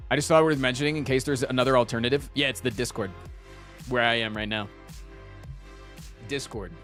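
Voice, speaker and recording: A man's voice: mid-range voice, a little fast, fairly bright tone. A young man from Virginia streams live in a loose, casual chat, cracking jokes and cursing freely. He drifts into mock outrage when chat teases him, all over a faint bed of music. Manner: jokey, profane, mock-indignant rants.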